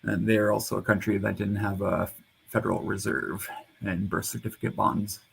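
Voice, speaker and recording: A man's voice: on the low side, level tone, moderate pace, creaky, low-quality recording. A man talking in a casual online panel chat, rambling and hesitant, over a computer mic. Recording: hum of a loud computer fan.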